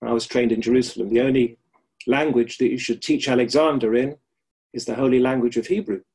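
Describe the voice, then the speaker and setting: A middle-aged man with a gravelly, slightly husky voice teaches over a video call. He speaks reflectively and often repeats a key phrase for emphasis. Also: medium pitch, steady tone, a little fast, a little mellow. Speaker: Alexander Technique teacher. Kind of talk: webinar lecture with anecdotes.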